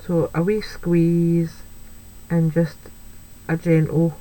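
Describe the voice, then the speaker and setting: A woman's voice: fairly low pitch, completely flat delivery, takes it slowly, warm tone, poor audio. A woman chatting through a card-making tutorial, thinking aloud as she works and making light of her own slips. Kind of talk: craft tutorial, talking while working.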